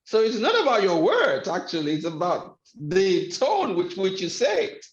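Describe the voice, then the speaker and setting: High-voiced man lecturing emphatically. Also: wildly swooping pitch, normal speed. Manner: emphatic, repeats key phrases for effect. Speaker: webinar speaker on life skills. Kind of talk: motivational lecture. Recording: echoey room, dull lo-fi sound.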